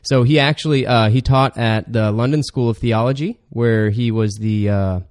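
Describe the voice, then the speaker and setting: A man's voice: mid-range voice, normal speed, a little mellow, no echo, studio quality. A man co-hosting a podcast, chatting casually and laughing often between explanations. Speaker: podcast co-host.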